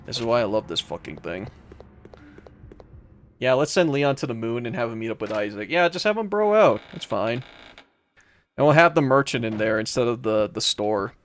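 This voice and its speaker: A man's voice: medium pitch, animated, moderate pace, long pauses, a little hiss or hum. A young man streaming a horror game, chatting casually with his viewers in a loose, rambling way, full of fillers and restarts. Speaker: let's play streamer. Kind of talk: casual gameplay commentary reading chat.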